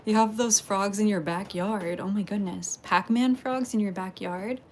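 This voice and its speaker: A Texan woman hosts a casual pottery livestream, chatting with viewers, greeting them by name, and laughing often. Her mid-range voice moves at a moderate pace, with a little hiss or hum in the recording.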